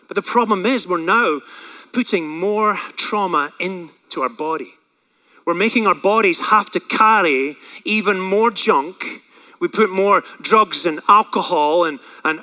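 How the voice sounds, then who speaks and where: A man preaching a sermon as pastor, swinging from loud impassioned cries down to quiet reflective talk, with fillers and restarts. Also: poor audio. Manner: rises to loud impassioned cries on quoted prayers, drops low and quiet when reflecting.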